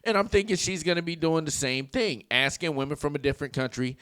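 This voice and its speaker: A man's voice: on the high side, fast, fairly bright tone, clear, resonant tone, dry recording. A man hosting a casual reaction video, joking crudely and rambling as he comments on clips.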